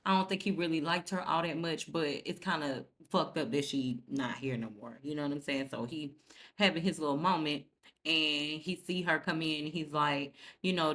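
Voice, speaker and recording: Woman doing a casual tv recap, aave, lower voice, acts out the lines, cusses a lot. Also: normal speed. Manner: animated storytelling, acts out characters' lines, swears freely. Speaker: TV recap host.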